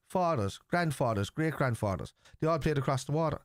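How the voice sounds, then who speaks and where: A man's voice: mid-range voice, lively intonation, brisk, few pauses, dry recording, studio quality. A man, hosting a live football watchalong and answering viewers bluntly, with plenty of swearing. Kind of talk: live stream chat reacting to viewers.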